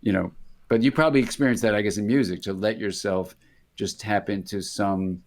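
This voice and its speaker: A man's voice: on the low side, steady tone, brisk. An older American man, a psychiatrist and interview guest, telling casual anecdotes with many restarts and acted-out voices. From United States. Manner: rambling, self-interrupting, acts out voices in anecdotes. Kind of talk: casual conversational storytelling.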